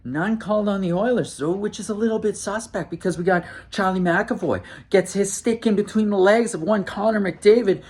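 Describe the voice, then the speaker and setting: A man hosting a casual hockey game recap as an excitable, often exasperated fan. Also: high voice, normal speed, hardly any pauses, husky.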